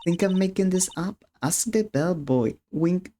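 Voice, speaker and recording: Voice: animated, a little slow, mellow, a little hiss or hum, close to an everyday voice. A streamer voicing a sly, dramatic young woman witness, acting coy and theatrical while reading game dialogue aloud, with faint game music behind. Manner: coy and theatrical, turning shrill when cornered.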